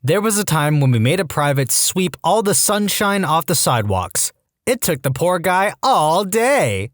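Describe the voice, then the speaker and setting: A man reading reddit stories aloud as a scripted narration. His voice sits a bit high for a man and swings widely in pitch, with a wry delivery over a close, dry recording. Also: big pitch swings, measured pace, no room sound. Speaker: story narrator.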